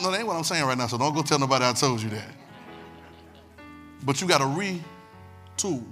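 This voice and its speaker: A man's voice: mid-range voice, lively intonation, normal speed, long pauses, sharp tone, faint music behind. A man a sermon as pastor, emphatic and repetitive, calling on the congregation to listen. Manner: emphatic, repetitive preaching with call-and-response.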